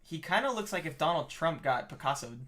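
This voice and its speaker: Woman podcast co-host, joking and rambling, animated pitch, sharp bright tone. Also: brisk. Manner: joking, rambling, crude humor. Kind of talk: casual chat.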